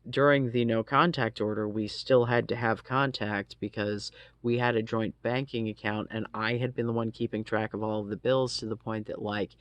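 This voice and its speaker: A man's voice: lowish voice, no echo. A man telling a personal story casually, rambling with lots of fillers and frequent swearing. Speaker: storytelling vlogger.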